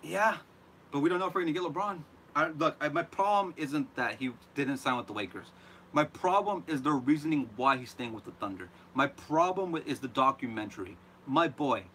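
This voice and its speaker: A man hosting a live reaction show, ranting in an animated, exasperated way. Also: a little high, slight background noise. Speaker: host.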